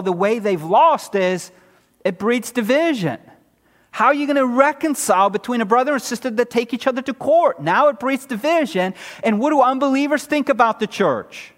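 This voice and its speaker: A man preaching a sermon verse by verse, swinging from loud emphasis down to low, quiet drops, with sarcastic rhetorical questions. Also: expressive, moderate pace, long reverb tail. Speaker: pastor.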